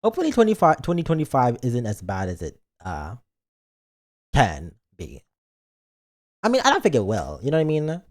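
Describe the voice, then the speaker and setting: A man's voice: mid-range voice, wildly swooping pitch, moderate pace, long pauses. A man streaming live and chatting casually, playful and dramatic, acting out his own thoughts aloud. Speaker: virtual streamer.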